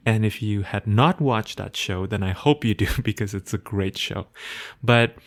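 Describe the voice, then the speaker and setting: A man with a hard-to-place accent, speaking English as a second language, hosting a solo podcast in a thoughtful, reflective way with soft laughs and phrases that trail off quietly. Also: fairly low pitch, moderate pace. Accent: hard-to-place non-native English. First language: not English. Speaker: podcast host.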